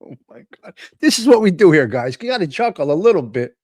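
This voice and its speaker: Guy doing a live stream, kinda high voice, jokey, reads chat out loud, super dry sound. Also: sing-song, quick pace, no echo. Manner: chatty, laughs often, teasing, ad-libs. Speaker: live stream host reading viewer comments.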